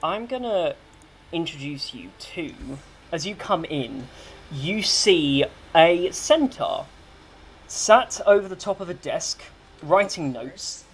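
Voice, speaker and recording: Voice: medium pitch, sing-song, takes it slowly, breathy edge. A game master narrating a tabletop game casually, with many ums and asides. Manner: casual, rambling, full of ums and likes.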